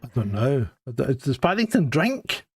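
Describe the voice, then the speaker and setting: A man's voice: mid-range voice, very animated, moderate pace, breathy edge. A man from Scotland co-hosting a live stream in a joking, chatty way, often restarting sentences. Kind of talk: casual chat.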